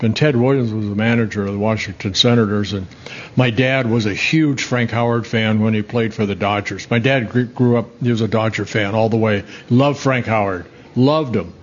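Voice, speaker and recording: A man in his seventies from the Netherlands, a former pitcher telling rambling, self-correcting stories in an interview. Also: muffled recording. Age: 70s. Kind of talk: casual storytelling interview.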